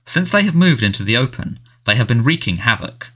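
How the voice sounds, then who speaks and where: A man voicing a harried middle-aged male wizard minister who sounds defensive and fretful, talking quickly and pleadingly. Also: mid-range voice, big pitch swings, a bit bright.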